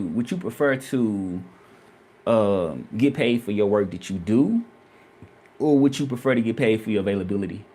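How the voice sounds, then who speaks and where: This vlogger and freelance Spanish interpreter from Memphis, Tennessee has a medium-pitched, darkish voice with a breathy edge and a Southern accent. Chatting casually on a livestream, he repeats the questions he asks viewers.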